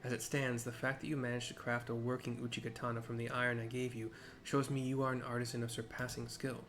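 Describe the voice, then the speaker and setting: A man reading out a cold, formal master swordsmith from a game, a harsh father who speaks in measured, disdainful sentences. His voice sits in a middle pitch and stays close to an everyday delivery. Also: flat delivery, fairly bright tone, close to an everyday voice. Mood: stern.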